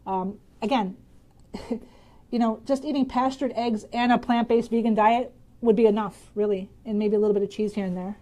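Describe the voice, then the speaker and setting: A woman's voice: on the high side, steady tone, normal speed, warm tone. A woman from Michigan hosting a casual live stream, bubbly and chatty, reading out viewer comments and answering health questions with frequent laughs.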